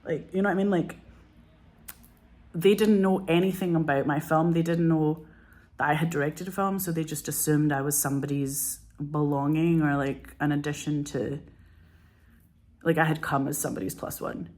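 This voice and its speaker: A low-pitched woman in her forties, talking as a film director in an interview. She tells her stories with energy, swears casually and slips into other people's voices. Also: moderate pace. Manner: animated, profane, acts out quotes. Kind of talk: candid interview storytelling.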